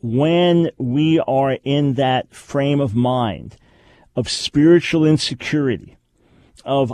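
A man's voice: medium pitch, takes it slowly, warm tone, no room sound. A man hosting a radio talk show, teaching in an emphatic way and repeating his key phrases.

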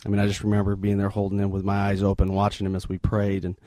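A middle-aged man, a missionary guest in an interview, retelling a story in an earnest, halting, sombre way. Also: lowish voice, monotone, warm tone, no room sound.

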